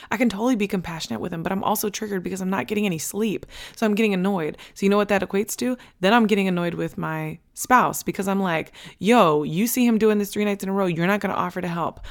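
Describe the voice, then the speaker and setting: Blunt, emphatic woman podcast host. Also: lowish voice. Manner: emphatic, blunt, casual with swearing; repeats key points for emphasis. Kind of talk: candid motivational podcast talk.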